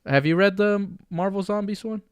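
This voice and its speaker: Male host, casual chat, smooth clear voice, dry close sound. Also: sits high, normal speed, no echo. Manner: steers talk, asks panelists questions.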